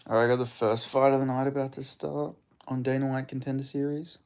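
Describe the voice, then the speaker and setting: A man's voice: mid-range voice, level tone, brisk, a little mellow, clear, resonant tone. A man with an Australian accent, from Perth, casually commentating a live fight stream, laid-back and swearing freely as he chats with viewers. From Perth, Western Australia. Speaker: streamer hosting a live fight watch-along.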